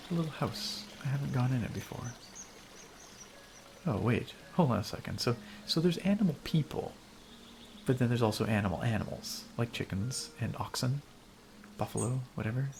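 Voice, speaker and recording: A man's voice: medium pitch, expressive, normal speed, gravelly, a little mellow, a little hiss or hum. A man casually chatting and laughing as he streams a game, rambling between thoughts. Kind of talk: casual gameplay commentary.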